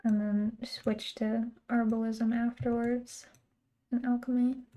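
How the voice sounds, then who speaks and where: A woman's voice: a little high, level tone, slow, mellow. Chatty young woman streaming her game. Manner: chatty, laughs often, rambling asides. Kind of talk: casual chat while gaming.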